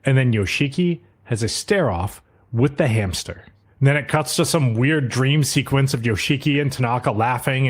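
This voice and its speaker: A man co-hosting a podcast, casually recapping an anime episode and retelling scenes with quick quoted asides. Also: mid-range voice. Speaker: podcast co-host.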